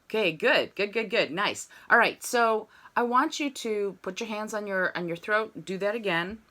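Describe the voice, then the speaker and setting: Woman voice coach on a video call; bright tone, mid pitch, breaks into sung examples as she teaches. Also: lively intonation, moderate pace, faint music behind. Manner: demonstrates sung syllables between explanations. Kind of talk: online singing lesson.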